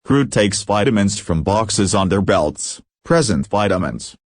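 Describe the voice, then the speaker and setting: A man reading a play aloud, narrating the stage directions in a steady, plain manner. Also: lowish voice, a little slow, no room sound, studio quality. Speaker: audiobook reader.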